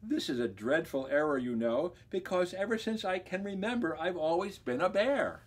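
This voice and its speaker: A man voicing a bewildered male bear in a read-aloud story, earnest and pleading, with a husky voice. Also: high voice, wildly swooping pitch, measured pace, pitched above the performer's own voice, heavily acted.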